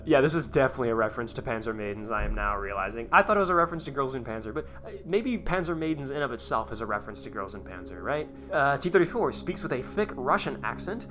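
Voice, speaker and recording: A man hosting his own video, reading aloud and commenting in a rambling, excitable way, chuckling often. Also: medium pitch. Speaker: YouTube host.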